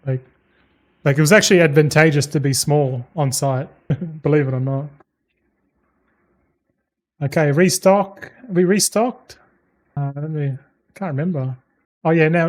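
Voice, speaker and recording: Laid-back swearing streamer man. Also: a little high. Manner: swears freely, tells anecdotes; laid-back, loose and chatty. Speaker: gaming streamer. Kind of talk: casual rambling stream chat.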